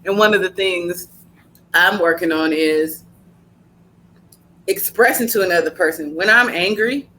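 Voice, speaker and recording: A woman hosting a casual podcast chat, telling blunt, animated stories laced with slang. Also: on the low side, a little slow, pauses often, slight background noise. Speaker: podcast host.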